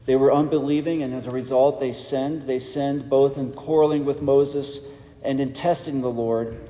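A man preaching a sermon in a measured, emphatic way with pauses for weight. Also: mid-range voice, steady tone, mellow. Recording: echoey church hall.

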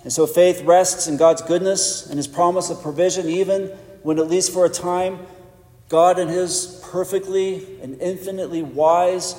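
A man preaching a sermon in a measured, emphatic way with pauses for weight. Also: sits high, fairly even intonation, darkish tone. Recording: echoey church hall.

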